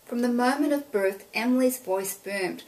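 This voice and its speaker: A woman reading a picture book aloud as a teacher. She reads expressively and pauses to comment on the pages. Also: fairly high pitch, far from the mic, rough recording. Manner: expressive read-aloud, pausing to point out details.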